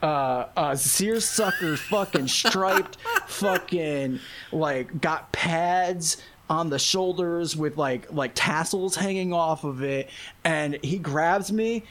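A man's voice: a little high, slow. A man casually telling a wild story, swearing constantly, laughing often and acting out what people said. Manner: animated, laughing, heavy swearing, acts out quotes.

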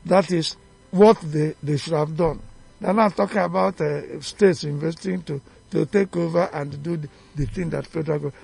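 Nigerian guy ranting on a radio panel, real gravelly and husky, dry sound. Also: fairly high pitch, normal speed, darkish tone, soft background music. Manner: emphatic, fiery, rhetorical questions. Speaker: studio guest, chief. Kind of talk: heated radio debate. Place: radio studio.

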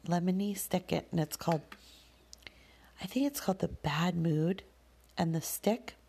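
A woman speaking as a parent, sharing a personal story in a candid, thoughtful monologue with soft fillers and sighs. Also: on the low side.

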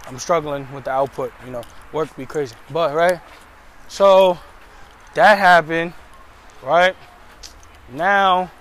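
A man's voice: on the high side, background noise. A young man telling a story about his week in a casual, slangy, venting way, recorded outdoors. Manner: slangy, venting, frank and animated. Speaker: vlogger. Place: outdoors, in and around a car.

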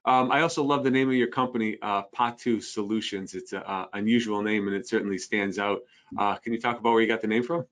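Low-voiced New man hosting a podcast. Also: fairly even intonation, fast talker, fairly bright tone. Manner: friendly, chatty interviewer with frequent fillers. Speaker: podcast host. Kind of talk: business podcast interview.

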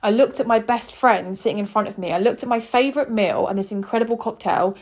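A woman's voice: fairly high pitch, quick pace, a little mellow. A woman in her twenties, hosting a podcast and telling a personal story in an earnest, heartfelt, chatty way. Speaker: podcast host.

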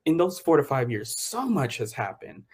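A young man with a mid-pitched voice co-hosting a relaxed talk show. He speaks bluntly and expressively, slipping into mocking imitations as he talks. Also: normal speed, husky. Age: young adult. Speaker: co-host. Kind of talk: casual podcast chat.

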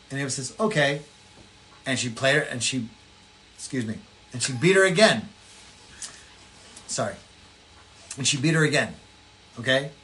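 Rambling storytelling podcast man. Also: on the high side. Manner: rambling, animated storytelling with voiced impressions. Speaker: podcast co-host. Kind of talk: casual political chat.

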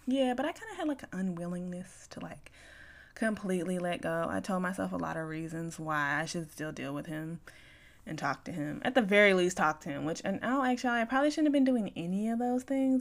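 Young woman podcasting, talks straight and swears a lot, goes from mumbling to loud, acts out what both people said. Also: medium pitch. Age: young adult. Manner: candid, swears freely, acts out both sides of conversations; swings from quiet mumbles to loud bursts. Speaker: podcast host. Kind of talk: candid personal storytelling.

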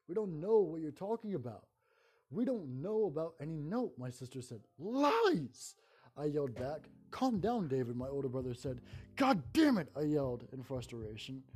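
A man reading a first-person horror story aloud in a calm narrating voice. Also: mid-range voice.

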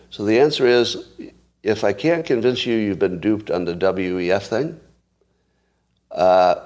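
A man's voice: low voice, darkish tone. A man in his sixties hosting a casual livestream, talking straight to his viewers and often restarting with repeated words. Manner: conversational, talks to live viewers, repeats words when restarting. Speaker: podcast host.

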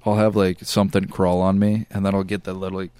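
A man's voice: deep voice, flat delivery, fast, warm tone, clear, resonant tone, no echo. A man co-hosting a podcast in casual chat, telling stories loosely with lots of filler words and laughter. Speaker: podcast co-host.

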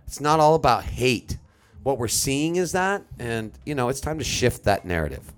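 A man's voice: medium pitch, very animated, moderate pace. A man co-hosting a live radio podcast, ranting with passion and plenty of swearing. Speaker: podcast co-host. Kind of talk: casual radio chat.

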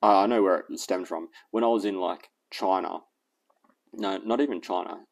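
A man's voice: deep voice, moderate pace, creaky. An Australian man whose accent has drifted toward American, hosting a fitness channel in a casual, rambling vlog rant that is full of self-corrections and chuckles. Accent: Australian mixed with American.

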